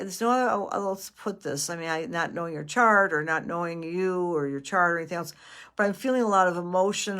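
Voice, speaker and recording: A middle-aged woman doing a live psychic reading, gentle and affectionate, pausing and restarting often. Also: fairly low pitch. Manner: gentle and affectionate, calling viewers sweetie and honey; halting with many restarts and fillers. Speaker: astrologer and psychic medium.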